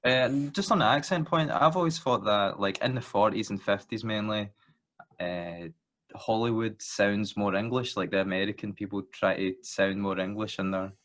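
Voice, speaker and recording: A man co-hosting a podcast, chatting casually about a film in short, relaxed remarks. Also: lowish voice, moderate pace. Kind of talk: casual film review chat.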